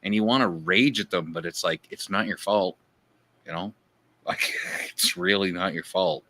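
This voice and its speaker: A man's voice: low-pitched, moderate pace, bright, forceful tone. A man in a casual livestream chat, speaking frankly and ruefully, with profanity.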